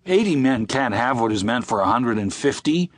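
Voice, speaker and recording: A man's voice: medium pitch, lively intonation, normal speed, no room sound, clean studio sound, voice pushed up, lightly acted. A man voicing a sullen, stubborn army cook in an audiobook, talking in an obstinate grumble. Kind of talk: audiobook character voice.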